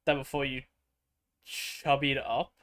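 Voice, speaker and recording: A man's voice: medium pitch, little pitch movement, takes it slowly, fairly bright tone. A man streaming and chatting casually over gameplay, rambling and swearing freely. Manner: rambling, crude and profane.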